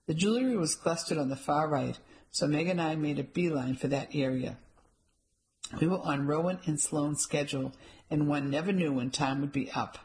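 A woman reading first-person audiobook narration in a measured storytelling manner. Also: low voice, darkish tone, low-quality recording.

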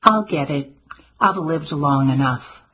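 A woman voicing a wry, sharp-tongued grandmother with dry, teasing quips in an audiobook. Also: low-pitched, animated, slow pace, husky, full character voice, poor audio. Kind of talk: audiobook character voice.

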